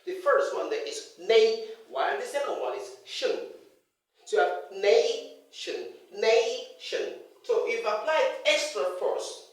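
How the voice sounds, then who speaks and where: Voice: mid-range voice, lively intonation, unhurried. An emphatic speaker lecturing on pronunciation, their voice swinging up and down as they repeat words to drill them. The voice comes from far off the mic and rings through a very echoey hall.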